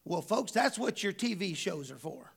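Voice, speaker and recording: High, gravelly-voiced man preaching. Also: big pitch swings, normal speed. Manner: emphatic, conversational preaching with rhetorical questions. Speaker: pastor. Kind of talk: sermon.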